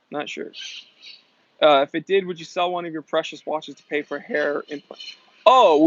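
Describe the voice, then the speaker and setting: A man's voice: on the high side, dull audio. A young adult man hosting a casual live stream, reading out viewer comments in an upbeat, chatty way. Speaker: host.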